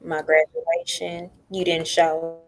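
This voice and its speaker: Lady, middle-aged, lowish voice w/ a gravelly edge, chatty storyteller on a podcast. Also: slow pace. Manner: animated, acts out what others said. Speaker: podcast guest. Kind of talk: casual storytelling.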